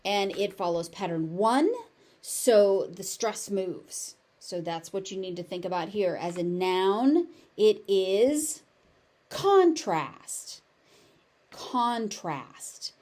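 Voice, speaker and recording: A middle-aged American woman leads a pronunciation lesson at a very unhurried pace. She repeats each word several times with careful, exaggerated enunciation, pausing between them. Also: mid-range voice, mellow. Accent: General American. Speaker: pronunciation teacher. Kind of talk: pronunciation lesson, slow drilled word repetition.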